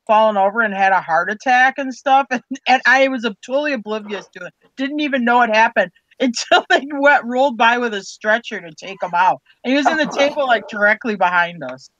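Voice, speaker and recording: A woman's voice: a little high, a bit bright, no echo, highs cut off. A woman trading jokes and stories in casual talk-show chat.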